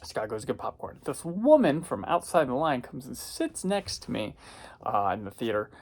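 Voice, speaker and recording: A man's voice: mid-range voice, very animated, normal speed. A man who reviews home video discs, casually telling a rambling anecdote and often correcting himself as he goes. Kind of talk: casual storytelling.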